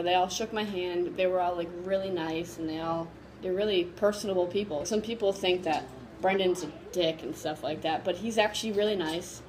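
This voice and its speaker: Excited woman vlogger rambling on about a fan meetup, lots of "like", faint noise behind. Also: mid-range voice, low-quality recording. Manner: excited, gushing, rambling with many fillers. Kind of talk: casual storytelling to camera.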